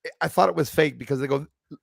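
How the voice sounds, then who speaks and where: A man hosting a casual chat, telling stories in an excitable, animated way. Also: a little high, very fast, creaky, no echo, clean studio sound. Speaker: podcast host.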